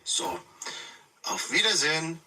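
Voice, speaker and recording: A man's voice: a little high, takes it slowly, bright, forceful tone, recorded from a distance, exaggerated voice, poor audio. A man voicing a cheeky, flirtatious German man who teases in a thick accent with German phrases. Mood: teasing. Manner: teasing, mock-formal, with German phrases mixed in.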